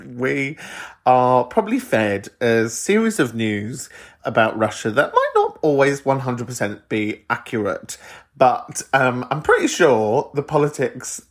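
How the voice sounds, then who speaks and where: A man with a London accent, hosting a podcast and chatting warmly through listener voicemails, laughing often. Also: medium pitch, wildly swooping pitch, a little slow. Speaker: podcast host.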